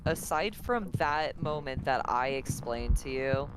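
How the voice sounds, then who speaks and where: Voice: mid-range voice, lively intonation, unhurried. A co-host chatting casually on a podcast, speaking hesitantly and often filling gaps with "like". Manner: hesitant, fills with "like".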